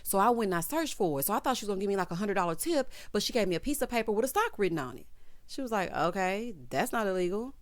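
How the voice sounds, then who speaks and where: A woman hosting a casual TV recap, retelling scenes in a sassy, animated way with quoted voices. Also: mid-range voice, quick pace, no echo. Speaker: TV recap host.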